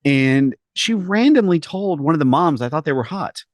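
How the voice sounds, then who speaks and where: On this podcast, a co-host whose voice runs on the high side chats casually, spinning lively stories and performing the dialogue in character. His pace is moderate, and the studio-quality audio carries no room sound.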